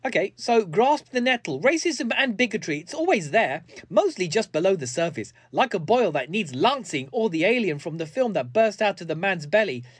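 A man's voice: sits high, very animated, moderate pace, few pauses, husky, no echo, studio quality. A man giving a sarcastic, mocking comedic commentary.

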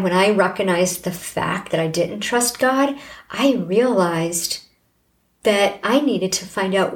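A middle-aged woman hosting a podcast, sharing a personal faith testimony in an earnest, heartfelt, preaching manner. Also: medium pitch. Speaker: podcast host.

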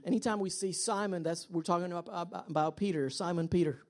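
A woman's voice: lowish voice, fast. A woman preaching a sermon. She tells stories with energy and acts out the voices of the people in them. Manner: animated storytelling, acts out quoted voices. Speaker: pastor. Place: church.

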